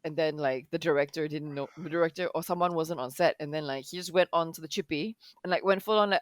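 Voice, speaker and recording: A woman's voice: sits low, fast, hardly any pauses, no room sound. A woman co-hosting a podcast, talking casually and rambling with many fillers. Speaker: podcast co-host. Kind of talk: casual chat.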